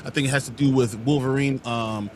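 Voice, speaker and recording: A man's voice: medium pitch, fairly even intonation, fairly quick, noisy background. A man on a podcast panel giving rambling, thoughtful opinions with many restarts. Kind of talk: casual chat.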